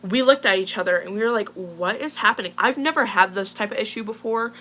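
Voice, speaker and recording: A woman's voice: mid-range voice, fast talker, fairly bright tone, a little hiss or hum. A teenage girl casually recounting a distressing incident to viewers, rambling with many fillers and sounding shaken. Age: teens. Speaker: vlogger telling a personal story. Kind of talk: casual storytelling to a live audience.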